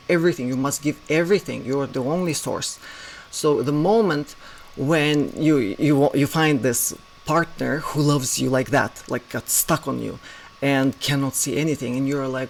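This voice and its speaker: Gravelly-voiced man teaching spiritual ideas. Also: mid-range voice, a little hiss or hum, low-quality recording. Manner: rhetorical questions, soft asides, chuckles. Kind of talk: reflective monologue talk.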